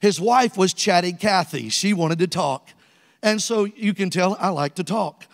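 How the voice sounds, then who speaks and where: High-voiced man in his sixties preaching, storytelling evangelist, long church reverb. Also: a little slow. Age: 60s. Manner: storytelling preacher, calls to the congregation. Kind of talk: sermon. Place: church sanctuary.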